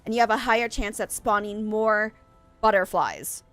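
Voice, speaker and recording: During a casual game live-stream, a young woman with a stuffy nose chats with viewers in a wandering way, frequently fixing her own words. She speaks at normal speed in a mid-range, slightly bright voice, with faint music behind her.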